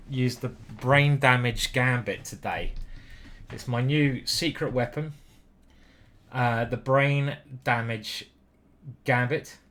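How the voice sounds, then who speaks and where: A young British man commentating on his own online chess games, playful and profane, switching between loud whoops and muttered asides. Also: medium pitch. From Britain. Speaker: chess grandmaster streamer.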